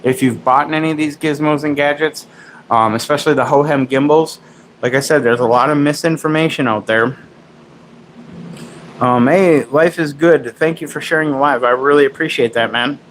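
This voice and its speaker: A man's voice: on the high side, moderate pace, a little hiss or hum, low-quality recording. A man in his forties hosting a casual tech livestream, chatting loosely and rambling with fillers. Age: 40s.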